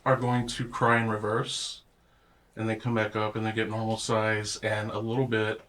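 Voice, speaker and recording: A man playing a tabletop role-playing game, giving animated, vivid descriptions of his character. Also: on the low side. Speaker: player.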